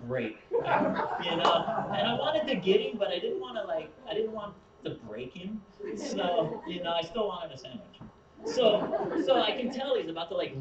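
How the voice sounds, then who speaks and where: A man's voice: high-pitched, expressive, brisk, lo-fi sound, background noise. A man telling a rambling stand-up story who often laughs at his own jokes, recorded from a distance in an echoey room. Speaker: stand-up comedian. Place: comedy show venue.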